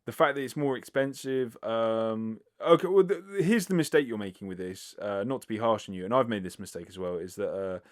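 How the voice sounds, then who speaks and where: A man's voice: lowish voice, fairly quick, hardly any pauses. A British man hosting a casual solo podcast, answering listener questions in a rambling, self-deprecating way with lots of fillers and casual swearing. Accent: British English. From Britain. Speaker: podcast host.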